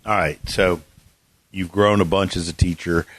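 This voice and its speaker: A man's voice: sits low, fairly even intonation, normal speed, a bit bright, no room sound. A man hosting a casual golf coaching interview, rambling with many restarts and fillers. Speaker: golf coach and podcast host.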